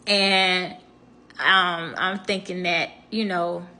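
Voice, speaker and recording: A young woman vlogger telling a story in a chatty, expressive way, speaking straight to her viewers. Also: on the low side, extremely slow. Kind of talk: casual storytime.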